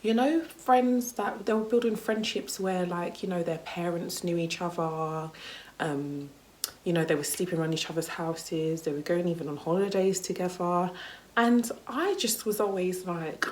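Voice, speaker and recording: A woman's voice: lowish voice, normal speed, darkish tone, a little hiss or hum. A young woman vlogging a casual story time, candid and chatty, with lots of "like" and "you know" and some swearing. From United Kingdom.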